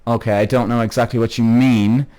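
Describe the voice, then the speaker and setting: A man's voice: mid-range voice, fairly even intonation, a little fast, dark tone. A man hosting a podcast live-streamed to an online audience. He reads out viewers' comments, greets them by name, rambles and swears freely as he gets heated. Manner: chatty, addresses viewers by name. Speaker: podcast host.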